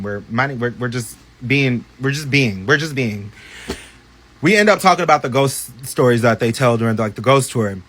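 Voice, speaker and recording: A man telling a personal story in a casual storytime vlog, animated and profane, with many chatty asides. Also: medium pitch.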